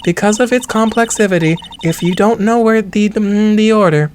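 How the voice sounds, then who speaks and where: A man's voice: high-pitched, moderate pace, a little hiss or hum, pitched above the performer's own voice, lightly acted. A man putting on a poised, cool young woman.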